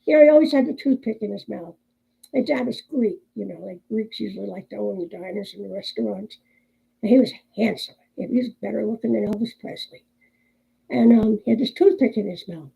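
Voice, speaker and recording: A woman's voice: mid-range voice, brisk, gravelly, dark tone, husky, poor audio. A woman in her sixties chatting casually on her vlog, telling family jokes and laughing often. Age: 60s. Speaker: crochet vlogger. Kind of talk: casual chat and joke storytelling.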